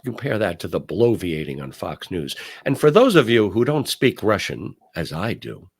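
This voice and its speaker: Animated low-voiced older male host. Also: normal speed, breathy edge. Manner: animated, emphatic storyteller. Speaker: talk show host. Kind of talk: casual commentary.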